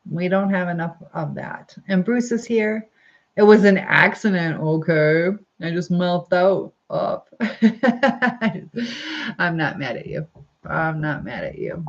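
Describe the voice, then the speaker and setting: On a phone or webcam livestream with a muffled recording, a woman with a low-leaning, darkish voice reads out viewer comments. She's chatty and upbeat, laughs often, and fills her speech with fillers.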